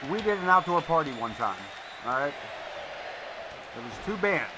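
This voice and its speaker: A wrestling commentator with a fairly high, sing-song voice calls live play-by-play at normal speed, with a crowd and background noise behind him. He breaks off into blunt, profane, chatty stories.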